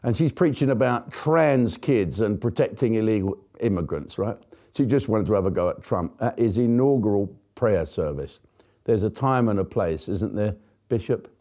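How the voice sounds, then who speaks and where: A man's voice: lowish voice, sing-song, moderate pace, dark tone. A man hosting a comic news rant, profane and sarcastic, with frequent swearing. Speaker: comedian host.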